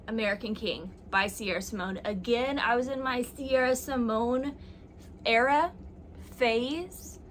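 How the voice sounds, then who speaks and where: Chatty young woman, bright tone. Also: on the high side, a little hiss or hum. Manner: chatty and self-mocking, with many likes and ums. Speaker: booktuber. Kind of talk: casual chat.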